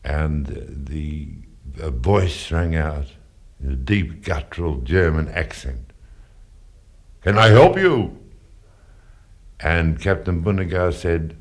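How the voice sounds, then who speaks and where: A former radio presenter tells a story in an interview, earnest and self-deprecating. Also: male voice, a bass voice, slow pace. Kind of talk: reminiscing in an interview.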